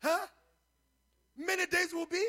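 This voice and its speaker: A man preaching as a pastor, building from quiet teaching into shouted, half-sung exhortation and calls to the congregation. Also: very high-pitched, little pitch movement, a little slow. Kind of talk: sermon.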